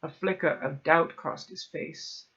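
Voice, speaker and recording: Male horror-story reader, higher-pitched, dramatic, lo-fi home mic. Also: steady tone, a little slow. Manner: dramatic first-person narration, hushed at tense moments. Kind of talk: horror story read aloud.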